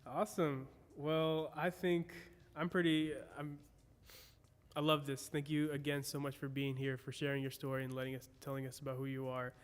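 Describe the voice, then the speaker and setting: Friendly guy hosting, smooth clear voice, umms a lot, reverb trailing off. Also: medium pitch, flat delivery. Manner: friendly, halting with many fillers. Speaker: host. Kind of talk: casual interview chat. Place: recording studio.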